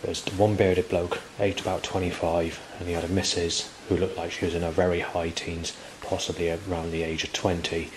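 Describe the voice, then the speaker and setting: Brief: man, 40s, very low voice, repetitive outdoor vlog ramble. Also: little pitch movement, a little fast, hardly any pauses, a little hiss or hum, low-quality recording. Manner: rambling, repetitive, with frequent restarts. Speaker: vlogger. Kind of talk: rambling monologue to camera.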